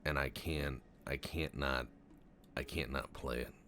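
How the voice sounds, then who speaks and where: Deep-voiced man rambling over gameplay. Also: a little slow, a little hiss or hum. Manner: stammering, swearing, deadpan absurd storytelling. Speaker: Let's Play commentator. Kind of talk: casual game commentary with rambling tall tales.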